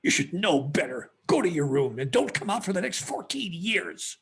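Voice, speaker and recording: A man's voice: mid-range voice, normal speed, breathy edge, voice pushed down. A man playing an elderly grandfather who speaks to his granddaughter. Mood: harsh scolding. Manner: scolding, then soft and soothing. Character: old grandfather, stern then tender.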